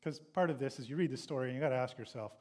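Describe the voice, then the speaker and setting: A man's voice: medium pitch, very fast, a little mellow. A male pastor preaching a sermon, reading scripture and retelling it, sometimes acting out the characters' complaints. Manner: reads scripture then retells it, acting out the sons' complaints in a raised voice.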